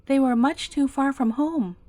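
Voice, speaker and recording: A woman's voice: sits high, a little slow, a little mellow, dry recording. Woman reading a bedtime story.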